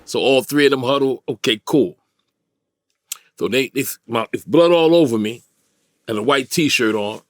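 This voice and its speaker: A man's voice: mid-range voice, moderate pace, no echo. A middle-aged man from New York, a guest in a studio interview, telling a vivid street-style story and acting out the voices of others.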